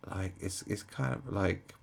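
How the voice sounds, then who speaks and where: A man's voice: low-pitched, unhurried, vocal fry. A man giving casual reaction commentary in an incredulous, mocking way, laughing often.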